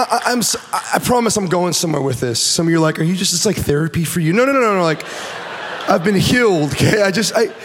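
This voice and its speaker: A man giving an animated personal testimony to a church audience, acting out the voices in his story and often restarting sentences. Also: high voice, long reverb tail, a little hiss or hum. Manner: animated storytelling, acts out quotes, repeats and restarts. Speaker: guest speaker.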